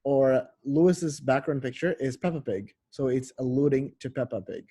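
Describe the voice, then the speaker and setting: A man's voice: mid-range voice, moderate pace, warm tone, slightly rough. A male tutor explaining things casually, full of "like" and "um" and correcting himself as he goes. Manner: loose, filler-heavy explaining with frequent self-corrections.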